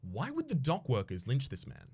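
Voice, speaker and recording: A man voicing a calm, measured male police lieutenant who asks careful questions. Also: medium pitch, slightly rough. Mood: probing.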